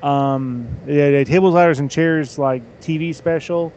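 A man co-hosting a casual podcast, telling a story slowly with hesitant fillers. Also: on the high side, fairly even intonation, a little mellow, muffled recording, slight background noise. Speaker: podcast co-host. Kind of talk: casual chat.

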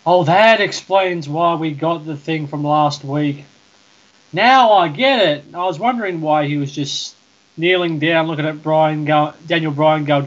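A man's voice: a little high, moderate pace. Man on a dull lo-fi line. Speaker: podcast co-host. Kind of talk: casual chat.

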